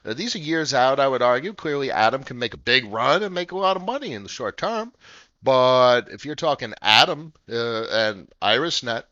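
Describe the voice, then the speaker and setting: A man in his thirties hosting a casual crypto livestream, brash, profane and excitable. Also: mid-range voice, normal speed, no room sound, muffled recording. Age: 30s.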